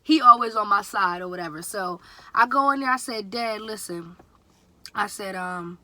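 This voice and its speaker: A young woman in her twenties telling a casual storytime vlog, chatty and animated, slipping into a higher voice when quoting her dad. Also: moderate pace, no room sound. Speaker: vlogger.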